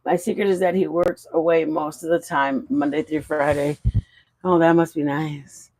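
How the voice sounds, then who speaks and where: A woman's voice: low voice, level tone, moderate pace, a little mellow, slight background noise, poor audio. A woman hosting a live stream, chatting frankly and animatedly with her viewers. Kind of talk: casual chat to viewers.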